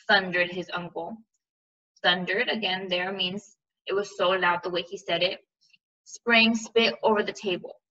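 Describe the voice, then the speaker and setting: A woman's voice: mid-range voice, fairly even intonation, moderate pace, bright, forceful tone, recorded from a distance, highs cut off. A woman teacher reading a novel aloud and explaining its figurative language, checking in with "right?".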